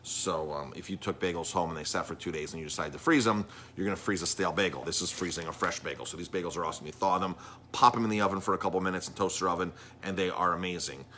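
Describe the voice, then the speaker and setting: A man's voice: low-pitched, fast talker, sharp tone, a little hiss or hum. A middle-aged man, a chef and restaurant owner talking casually on a live stream, rambling with lots of ums and restarts.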